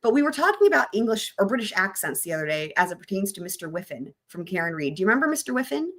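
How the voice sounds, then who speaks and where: A woman's voice: medium pitch, big pitch swings, rapid-fire, a bit bright. A woman hosting a true crime live stream, chatting loosely with her viewers in a rambling, casual way.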